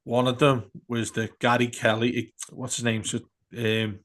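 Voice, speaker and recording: A man, chatting casually as a podcast co-host and telling animated match-day stories. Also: mid-range voice, a little slow. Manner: animated storyteller, shouts out quoted fan heckles. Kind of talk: casual football chat.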